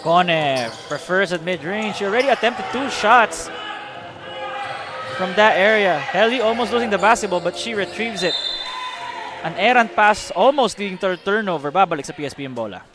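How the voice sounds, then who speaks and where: High-voiced Filipino basketball play-by-play man. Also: lively intonation, a crowd in the background. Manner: brisk, switches between English and Filipino mid-sentence. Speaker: play-by-play commentator. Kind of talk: live basketball commentary.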